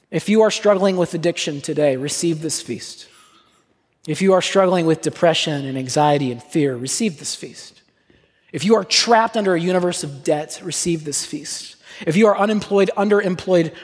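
Male pastor, earnest sermon, husky voice, echoing church hall. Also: on the high side. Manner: earnest, slow repeated refrains, lively asides. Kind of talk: sermon leading communion. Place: church sanctuary. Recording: reverberant church hall, soft guitar.

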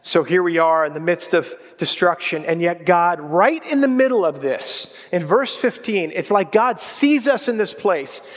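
Male pastor, high voice, chatty sermon delivery, long hall reverb. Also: expressive, moderate pace, few pauses. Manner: conversational, storytelling, drops low for emphasis.

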